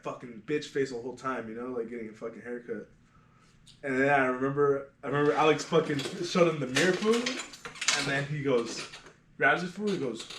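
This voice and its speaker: A man who works as a barber, telling shop stories on a casual podcast in a profane, animated way and calling everyone "fool". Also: mid-range voice, a little hiss or hum. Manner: profane, animated storyteller, says "fool" constantly. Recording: echoey room.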